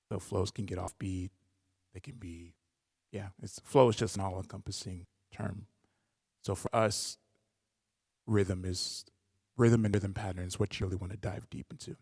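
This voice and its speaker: Man, gravelly low voice, loose conversational teaching on a live stream, long reverb tail. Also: steady tone, moderate pace, long pauses, a little mellow, studio quality. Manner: loose, conversational, many "like" fillers. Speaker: rapper hosting a live stream.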